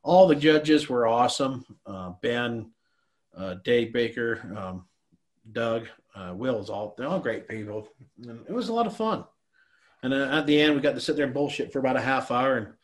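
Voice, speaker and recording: A man's voice: medium pitch, animated, moderate pace. A middle-aged man guesting on a podcast, telling stories in a rambling, casual way, laughing and swearing freely. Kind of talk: casual storytelling chat.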